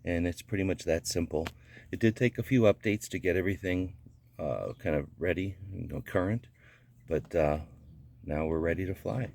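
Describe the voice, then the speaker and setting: A man casually walking through a gadget setup step by step, relaxed and plain-spoken with small fillers. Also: sits low, normal speed, creaky, a little hiss or hum. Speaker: gadget reviewer. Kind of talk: casual how-to walkthrough.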